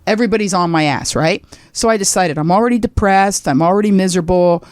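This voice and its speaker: Animated woman comedian in her sixties. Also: fairly low pitch, fast talker, no echo, studio quality. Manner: animated, acts out quoted people. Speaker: comedian guest. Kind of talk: storytelling in a podcast interview.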